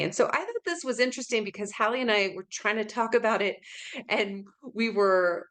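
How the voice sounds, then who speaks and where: A woman teaches a workplace communication webinar over a video call. She keeps it conversational and greets attendees by name as she goes. Now and then she acts out a brief example to show how tone changes a message. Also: medium pitch. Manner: demonstrates tones of voice in short acted examples. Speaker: webinar presenter.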